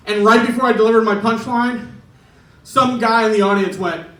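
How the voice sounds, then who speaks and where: A man's voice: high-pitched, steady tone, moderate pace, fairly bright tone, roomy sound, far from the mic, poor audio. A man doing a stand-up set in a club, chatty and chuckling through his punchlines. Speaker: stand-up comedian. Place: comedy club stage.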